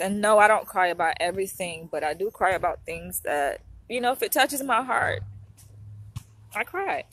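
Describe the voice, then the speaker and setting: A woman's voice: fairly low pitch, a bit bright, husky, dry recording. Tearful young woman vlogging. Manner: tearful, heartfelt, rambling with many fillers. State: crying. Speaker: vlogger and doctoral psychology student. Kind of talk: emotional casual vlog talk.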